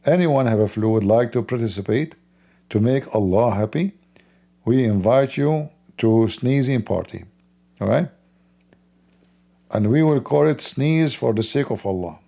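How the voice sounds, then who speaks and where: Slow, gravelly man mocking on a livestream. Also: mid-range voice, lively intonation, warm tone. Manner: mocking, sarcastic. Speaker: host. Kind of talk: livestream commentary.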